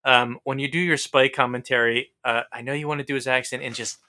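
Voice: mid-range voice, fairly even intonation, brisk, over a noisy crowd. A podcast guest in casual chat, teasing another speaker and restarting sentences.

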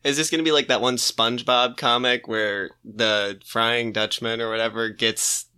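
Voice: mid-range voice, fairly even intonation, normal speed, bright, forceful tone, clean tone. A podcast co-host in casual chat, reacting with jokes, laughter and swearing, full of "like" fillers.

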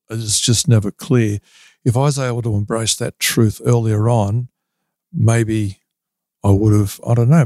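A middle-aged man speaking earnestly about faith as a podcast guest, often pausing and restarting his sentences. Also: on the low side, vocal fry, a little mellow, no room sound, clean studio sound. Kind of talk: reflective podcast interview.

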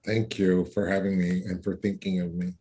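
A man who writes about food, speaking as an interview guest in a measured, earnest way. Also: deep voice, level tone, dark tone. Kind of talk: conversational interview.

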